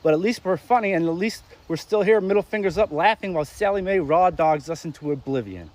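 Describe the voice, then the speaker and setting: A man's voice: high voice, a little fast. Sarcastic young man in a crude rant. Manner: animated with sudden loud spikes. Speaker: ranting commentator. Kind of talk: comedic rant monologue.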